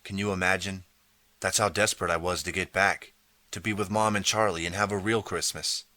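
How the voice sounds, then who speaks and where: A man narrating a children's audiobook in the first person, steady storytelling. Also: deep voice, a little fast, no echo.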